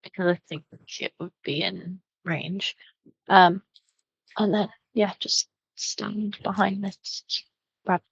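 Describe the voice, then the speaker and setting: A woman plays a tabletop game, talking slowly and hesitantly with lots of ums. Her voice has a gravelly fry. The recording is dry and slightly muffled. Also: mid-range voice, fairly even intonation, no echo. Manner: hesitant, many ums and apologies. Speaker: player.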